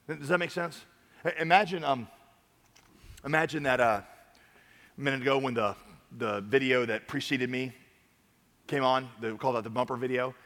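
A man preaching a sermon from a church stage, swinging between loud urging and quiet earnest talk. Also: medium pitch, normal speed, long pauses, long reverb tail. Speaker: pastor.

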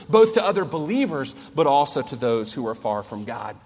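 A man in his forties preaching a sermon as a pastor, earnest and storytelling, swinging between loud and soft. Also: medium pitch, big pitch swings, moderate pace, hardly any pauses. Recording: long hall reverb.

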